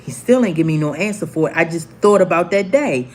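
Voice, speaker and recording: Her voice is on the low side and fairly quick as this livestream host, a woman in her forties, casually recounts a personal story for viewers. She animatedly acts out the quoted voices of the people in it.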